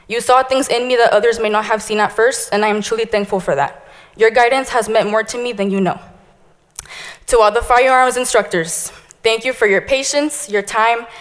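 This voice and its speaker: A young woman in her twenties, a graduating police cadet giving an earnest, heartfelt thank-you speech. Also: fairly high pitch. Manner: earnest, heartfelt, tearful near the end. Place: large hall. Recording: reverberant hall.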